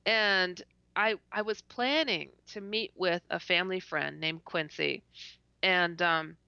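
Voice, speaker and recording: Speaking slowly in a lowish, gravelly voice with a sharp yet clean tone, a woman guest on a podcast animatedly relates a story, laughing a lot, stuttering, and performing her own reactions. There's no room sound, but the call audio is dull and lo-fi.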